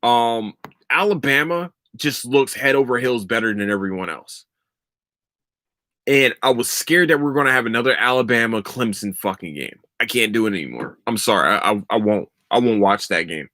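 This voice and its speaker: A man's voice: medium pitch, lively intonation, normal speed, bright, forceful tone, no room sound, clean studio sound. A young man hosting a podcast, ranting about sports in a heated, sarcastic and profane way. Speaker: podcast host. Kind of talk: casual sports rant.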